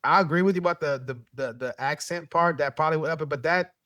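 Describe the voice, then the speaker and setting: A man hosting a casual podcast debate who talks in rapid bursts with many restarts and chuckles. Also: fairly high pitch, sharp tone, dry recording. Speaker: show host.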